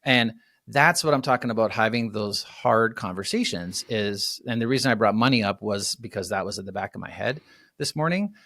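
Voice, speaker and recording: Low-voiced man rambling through a story. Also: expressive, fairly quick, pushed and bright, dry recording, studio quality. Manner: rambling storyteller, many fillers and restarts. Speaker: podcast co-host. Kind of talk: casual podcast chat.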